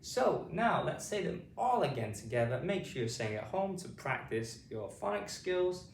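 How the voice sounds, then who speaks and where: A British man teaching phonics to adult learners, sounding out letters slowly and repeating each word with care. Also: a little high, very animated, vocal fry. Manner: slow, deliberate, sounding out letters and repeating words. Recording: roomy, slightly distant mic, faint noise.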